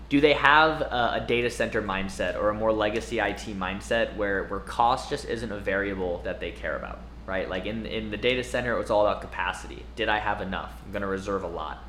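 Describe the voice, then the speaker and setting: A man co-hosting a podcast, explaining in a relaxed conversational way with frequent asides. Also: lowish voice. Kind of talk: casual podcast chat. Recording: roomy with faint background noise.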